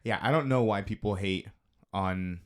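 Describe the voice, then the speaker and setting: A man's voice: on the low side, moderate pace. A man co-hosting a live stream in casual chat, teasing his co-host and swearing freely. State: feeling hot.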